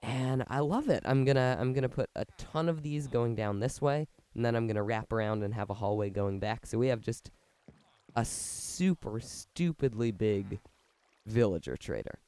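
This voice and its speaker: A man who is sick with a fever and sore when he talks, rambling excitedly as he explains a build in a gameplay commentary. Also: mid-range voice, normal speed, clean tone, no room sound. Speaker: video game commentator. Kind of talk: let's-play gameplay commentary.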